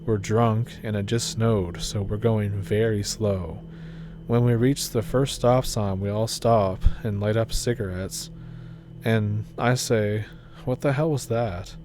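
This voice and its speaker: Low, dark-voiced man narrating a story. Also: takes it slowly, a little hiss or hum. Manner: steady, low-key storytelling. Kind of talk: scripted narration reading a story aloud.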